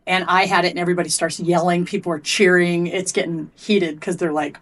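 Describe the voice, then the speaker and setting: A woman's voice: on the low side, a little fast, hardly any pauses. A middle-aged woman, an athlete and coach, telling a story bluntly and with lots of swearing as a podcast guest. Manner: blunt and profane, animated retelling. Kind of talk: candid storytelling in a podcast interview.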